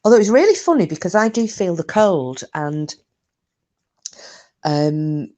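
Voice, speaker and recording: A woman's voice: lowish voice, animated, unhurried, warm tone. A woman chatting casually on a live stream, rambling through stories, answering comments and swearing mildly.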